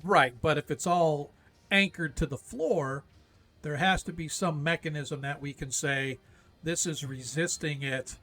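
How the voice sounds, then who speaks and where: A man's voice: a little high, a little slow, pushed and bright. A man running a tabletop role-playing game as game master, easygoing and rambling with frequent fillers, over an online voice call.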